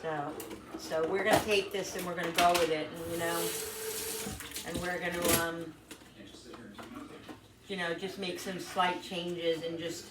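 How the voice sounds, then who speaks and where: A woman's voice: lowish voice, level tone, measured pace, long pauses. A middle-aged woman telling a personal story in an emotional, rambling vlog, repeating herself as she goes. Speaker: vlogger. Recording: roomy echo, mic at a distance, noisy.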